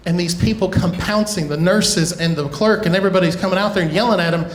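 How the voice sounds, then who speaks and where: A middle-aged man doing a stand-up comedy set, telling a family story with quick asides and chuckles. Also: sits high, slight background noise. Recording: echoey live room.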